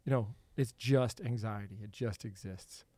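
Animated male podcast host, dry sound. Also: on the low side, normal speed, no echo. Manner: animated, laughs often. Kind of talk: casual chat.

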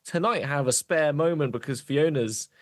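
A man's voice: fairly high pitch, normal speed, no echo. Easygoing man podcast co-host, dry sound. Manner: easygoing, rambling, teasing. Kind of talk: casual podcast chat.

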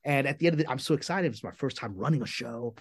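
A man being interviewed as a screenwriter guest, talking in an animated, emphatic way with quick restarts. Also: medium pitch, husky, dry recording, studio quality. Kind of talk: conversational interview.

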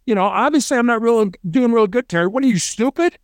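A man's voice: extremely high pitch, fast talker, smooth, no room sound, pitched above the performer's own voice. A man acting out an agitated male hostage-taker who is defiant, sarcastic and stumbles over his words. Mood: scornful.

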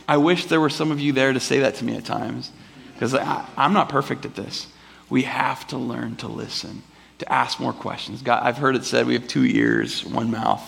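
A pastor delivers a casual, rambling, conversational sermon to a live congregation in church, often acting out the voices of people in his stories. His medium-pitched voice is gravelly and fairly bright, with fairly even intonation and a moderate pace, over slight background noise.

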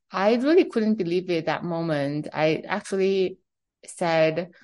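A woman in her thirties from China, speaking English as an interview guest, telling her story in an animated way and acting out the dialogue. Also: on the low side, slow. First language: Chinese. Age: 30s. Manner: animated, acts out quoted dialogue. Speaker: fashion company CEO, guest.

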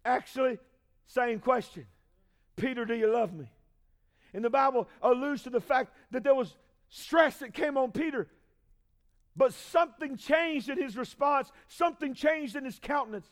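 A male pastor with a very high voice delivers a sermon full of call-and-response. He swings from shouted peaks to hushed, low asides, pressing the congregation for answers. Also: normal speed.

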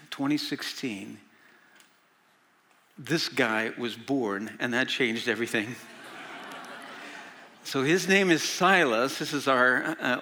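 Bright-voiced older man preaching in a hall. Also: mid-range voice. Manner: folksy storytelling with frequent "uh" fillers. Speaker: senior pastor. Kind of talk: sermon. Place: large church hall. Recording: long reverb of a large hall.

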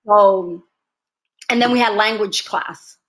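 A woman actress being interviewed, telling stories in an animated way and laughing often. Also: mid-range voice, takes it slowly. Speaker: actress, guest. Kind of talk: casual interview conversation.

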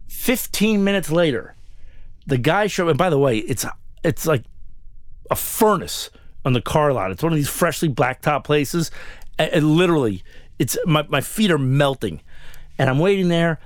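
A man telling a personal story in an animated, indignant rant, swearing freely. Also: a little high, normal speed, dry recording, studio quality. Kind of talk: comic ranting anecdote.

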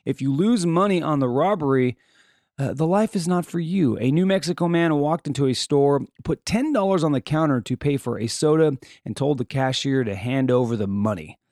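A podcast host reads odd news stories, then riffs on them with joking, off-the-cuff asides in casual commentary. His voice is fairly high and a little mellow, at a moderate pace, in a dry, studio-quality recording.

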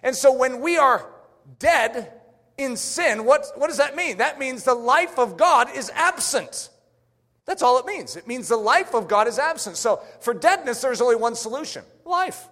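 A male preacher with a high, very lively voice delivers an emphatic sermon and hammers home his rhetorical questions. A long hall reverb trails after each phrase, as in a church sanctuary. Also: normal speed.

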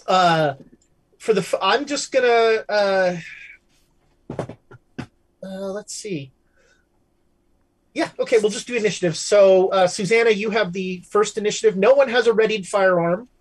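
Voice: mid-range voice, measured pace, long pauses, poor audio. A game master running a tabletop horror game for players, talking loosely with many fillers and restarts.

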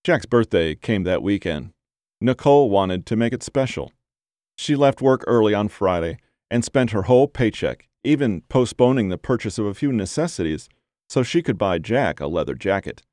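A man narrating a story in a steady, measured reading voice. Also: lowish voice, no echo, clean studio sound.

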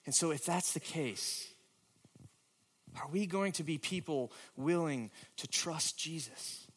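Dramatic preacher, slightly high man. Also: slow, breathy edge. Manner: dramatic, shifting from hushed to emphatic. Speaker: pastor. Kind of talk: sermon.

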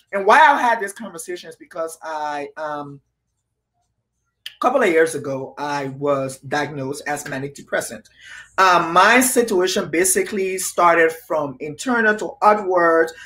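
A man's voice: sits high, a bit bright. Earnest man hosting a podcast. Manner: earnest, repetitive pleading appeals. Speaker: podcast host. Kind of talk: casual interview.

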